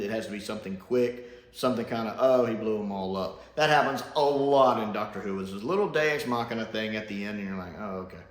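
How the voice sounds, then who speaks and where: A man's voice: medium pitch, fairly bright tone. A man giving a casual, profane review rant as a YouTube reviewer, swinging between scorn and delight. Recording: roomy room echo.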